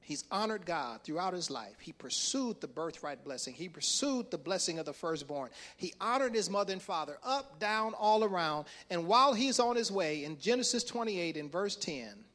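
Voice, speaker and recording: A man's voice: high voice, animated, moderate pace, hardly any pauses, a bit bright. A male pastor preaching a sermon, retelling a story with acted-out voices and frequent chuckles.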